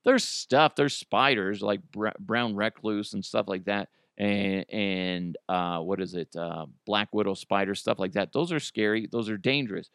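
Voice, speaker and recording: A man from the United States hosting a casual news commentary podcast, animated and swearing freely, laughing often. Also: lowish voice, a little slow, few pauses, smooth, dry recording, studio quality. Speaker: podcast host.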